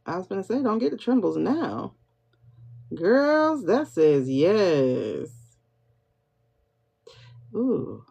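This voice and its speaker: A woman hosting a livestream pendulum reading, excitable, repeating herself as she questions her spirit guide and talks to viewers. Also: medium pitch, drawn-out words, creaky, pauses often, husky. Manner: excitable, keeps repeating "hold on" while asking questions. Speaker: tarot reader host. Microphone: phone or computer mic for livestream. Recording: dull lo-fi livestream audio.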